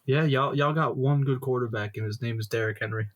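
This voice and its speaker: A man's voice: medium pitch, a little fast, muffled recording. A young man co-hosting a sports podcast, chatting casually and chiming in with stats. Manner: laid-back, chiming in with stats. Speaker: podcast co-host.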